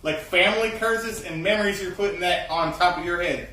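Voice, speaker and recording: A man's voice: high voice, brisk. A man chatting casually with his wife in a blunt, rambling way, swearing often. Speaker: co-host. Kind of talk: casual chat. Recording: echoey room with loud guitar music.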